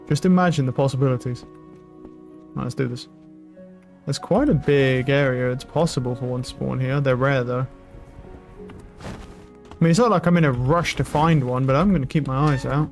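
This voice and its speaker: A young man streaming a game, talking loudly and excitably with lots of swearing to his chat and a friend. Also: medium pitch. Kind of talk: casual live-stream commentary. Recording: game music loud behind voice. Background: game music.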